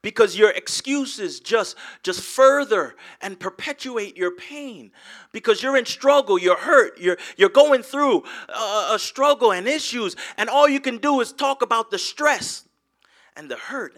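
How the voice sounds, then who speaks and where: A male pastor preaching with a high, bright, ringing voice. He doubles and triples his words as he builds, and swings between loud and nearly whispered passages. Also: animated, unhurried. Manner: repeats and stutters words, swings from loud to hushed. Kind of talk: sermon.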